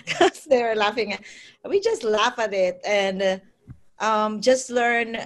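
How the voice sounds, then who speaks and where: A woman's voice: on the high side, lively intonation, slow pace. A woman from the Philippines, a nurse, answering interview questions in a chatty way and laughing often.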